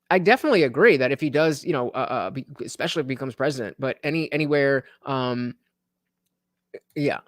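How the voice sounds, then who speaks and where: Dry-voiced man hosting a halting livestream. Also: on the high side, a bit bright, no room sound. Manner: halting, many fillers and restarts. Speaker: livestream host. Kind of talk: casual political commentary reading live chat.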